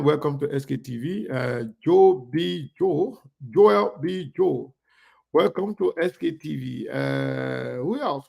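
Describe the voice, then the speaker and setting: Gravelly man hosting a live stream. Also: on the high side. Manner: chatty, reads viewer names aloud warmly. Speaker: online show host. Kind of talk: live-stream greetings to viewers.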